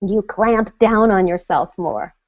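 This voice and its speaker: A middle-aged woman coaching an online audience on confidence, animated and now and then acting out nervous inner voices. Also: medium pitch, unhurried, dry recording, highs cut off. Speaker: confidence coach hosting a live web session.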